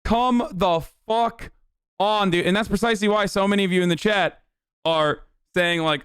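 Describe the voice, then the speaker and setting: A man's voice: sits high, normal speed, fairly bright tone, clean tone, dry recording, clean studio sound. Profane, incredulous streamer man. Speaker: streamer host. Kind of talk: casual live-stream commentary.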